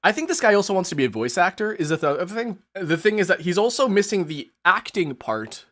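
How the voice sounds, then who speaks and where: A man hosting a casual live stream, animated and exasperated, who swears often and keeps laughing mid-sentence. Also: high voice, fast. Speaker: streamer host.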